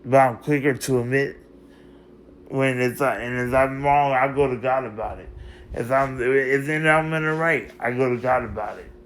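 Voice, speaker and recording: Man, vlog monologue, rambling, emotional, confrontational, repeats himself, mid-pitched voice. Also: steady tone, normal speed, fairly bright tone. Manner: repetitive, circling back on phrases. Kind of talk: unscripted monologue to camera.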